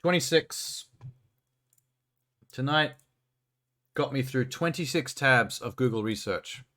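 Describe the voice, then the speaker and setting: A man's voice: medium pitch, animated, a little slow, bright, forceful tone. A man casually commenting as he plays a video game on a live stream, chatty and given to swearing and talking to himself. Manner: chatty, profane, self-talking while playing. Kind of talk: casual let's-play commentary.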